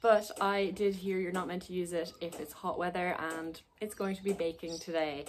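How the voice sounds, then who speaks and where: A woman's voice: lowish voice, slight background noise. A young woman from Ireland with an Irish accent, giving a chatty, upbeat vlog walkthrough. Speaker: vlogger.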